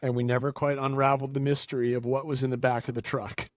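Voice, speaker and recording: A man on a podcast telling a long story in a casual, animated way, acting out the people he quotes. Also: medium pitch, fast, dry recording, studio quality. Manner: animated, acts out quoted voices. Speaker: podcast guest.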